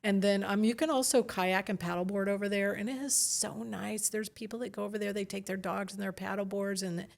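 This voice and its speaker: Gravelly-voiced chatty woman guest. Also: medium pitch, steady tone, brisk, few pauses. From United States. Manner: chatty, enthusiastic recommender. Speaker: realtor guest. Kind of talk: casual podcast chat.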